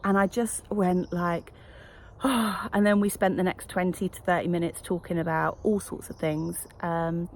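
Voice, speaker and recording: A woman's voice: on the low side, fairly even intonation, unhurried, slight background noise. A woman coach chatting casually to camera at a retreat, reflective and full of fillers. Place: wellness retreat.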